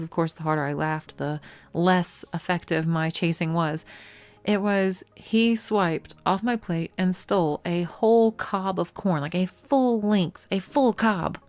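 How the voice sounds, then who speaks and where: A woman telling stories about her cat in a casual vlog, animated and often laughing, with quoted lines in a much higher voice. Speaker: pyrography artist and video host.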